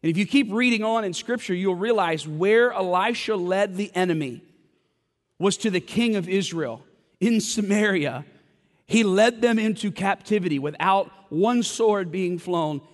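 A man's voice: high-pitched, unhurried. A man preaching a sermon as a pastor, retelling a story with dramatic quoted voices. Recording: long hall reverb.

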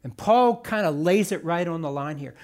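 A man with a high-pitched voice delivers a sermon in a church. He speaks in a conversational way, tossing in asides, then rises and presses on the words he wants his listeners to remember. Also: lively intonation, moderate pace. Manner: emphatic, rising on key words, conversational asides. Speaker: pastor. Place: church sanctuary.

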